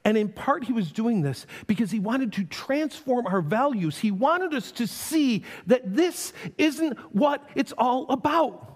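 A man preaches a sermon to his congregation, keeping an animated delivery and acting out quick quoted voices. His voice sits high and swings widely in pitch. It rings with the long reverb of a large hall. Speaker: pastor.

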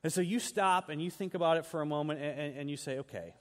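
Male pastor, slightly high voice, conversational sermon with emphatic scripture reading, long church-hall reverb. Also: steady tone, fast.

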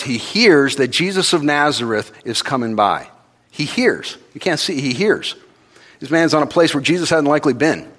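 A man of medium pitch gives a sermon that feels like conversation. He rises to loud, pressing passages and drops into soft, intimate ones.

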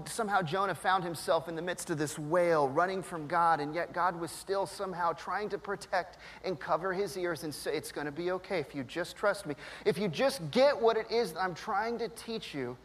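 A man in his thirties preaching a sermon, telling a family story with lively acted-out voices. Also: high-pitched. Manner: animated storytelling, acts out voices. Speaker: pastor. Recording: long reverb of a large hall.

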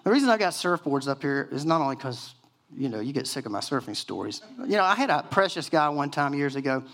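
A man in his sixties, a pastor preaching a sermon, telling stories in a lively, chatty way full of "you know"s. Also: mid-range voice, fast. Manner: animated storytelling with many fillers and acted-out quotes.

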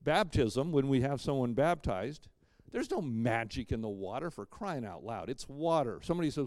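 A man preaching a sermon as pastor, emphatic, swinging between loud punches and quiet asides, with dry joking asides. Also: medium pitch, very animated, normal speed, no room sound.

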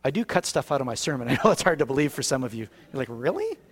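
A man preaching a sermon as pastor, shifting from hushed passages to raised, emphatic ones. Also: medium pitch, rapid-fire, husky. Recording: long reverb of a hall.

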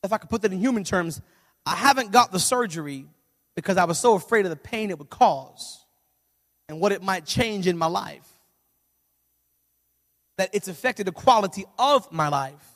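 A male pastor preaching a sermon with animated, humorous storytelling that sometimes swells into shouting. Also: sits high, moderate pace, pauses often. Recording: reverberant hall.

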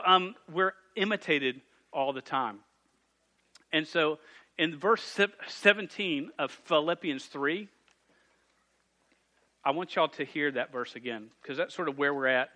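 A man in his thirties delivers a sermon to teens and their parents. His voice sits a little high and has a bright, forceful edge. He tells stories about himself in a playful, self-deprecating way. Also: slow pace, long pauses. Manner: jokey, self-deprecating storytelling with lively asides. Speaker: youth pastor. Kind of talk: sermon to a youth group and parents. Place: church youth room.

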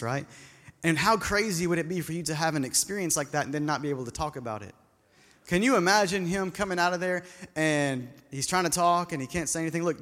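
A man's voice: high voice, fairly bright tone. A man preaching a sermon in a church, speaking conversationally, asking the congregation questions and repeating words as he restarts. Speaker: pastor. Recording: long hall reverb.

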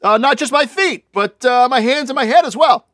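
A man's voice: extremely high pitch, moderate pace, a bit bright, dry recording, studio quality, voice pushed up. A man voicing an impulsive male disciple, exclaiming in a raised voice. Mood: eager.

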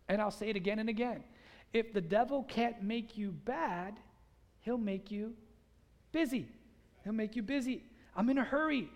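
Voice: medium pitch, muffled recording. A pastor delivers a sermon in an easy, chatty way, full of casual fillers. They push the congregation to repeat phrases back. The voice rings out with a long reverb in a large church hall. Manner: energetic and conversational, has the congregation repeat phrases.

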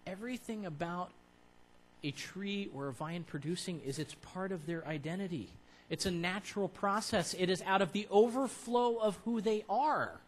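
A man preaching to his church in a conversational way, building to emphatic, louder peaks. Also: high voice, a little hiss or hum, rough recording. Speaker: pastor. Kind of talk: sermon.

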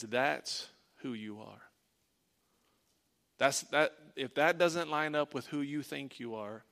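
A man preaching a sermon as a pastor, emphatic, repeating lines and dropping to a hush for weight. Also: medium pitch.

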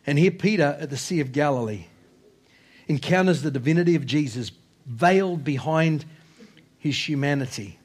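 A man preaching a sermon as pastor, impassioned, repeating phrases, swinging between loud exhortation and hushed low lines. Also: moderate pace.

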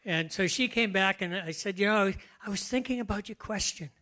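An older man preaching a conversational sermon, relaxed and chatty, often laughing and slowing to stress key words. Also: high voice. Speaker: pastor.

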